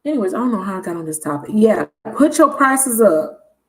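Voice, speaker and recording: A woman hosting a live tarot reading stream, telling a story in a casual, animated and blunt way. She laughs often and swears freely. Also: mid-range voice, a little fast. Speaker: tarot reader livestream host. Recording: roomy echo.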